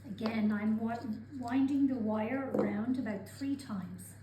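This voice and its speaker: A woman calmly talking through each step of a craft demonstration as she works with her hands. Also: fairly high pitch, unhurried, heavy background noise. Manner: calm, methodical, narrating her own actions. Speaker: craft instructor. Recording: roomy sound with clear background ambience.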